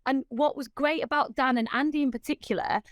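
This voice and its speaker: A woman guest on a podcast, telling stories in a lively, animated way and laughing often. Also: high-pitched, fairly quick, dry recording. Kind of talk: casual chat.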